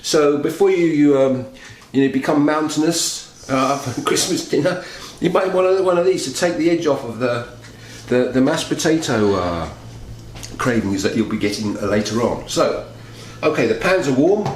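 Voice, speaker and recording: A man's voice: mid-range voice, lively intonation, normal speed, a little hiss or hum. A chatty man hosts a casual home cooking demonstration and talks straight to his viewers. His talk wanders as he cooks. His voice rings around a kitchen full of echo, with pans and cutlery clattering behind him. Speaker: home cooking video host.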